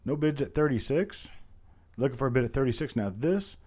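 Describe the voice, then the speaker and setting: A hoarse man, his voice still recovering, hosting a live online coin auction in a folksy, chatty way and calling out bids over and over. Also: medium pitch, animated, brisk, dark tone. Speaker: auctioneer host.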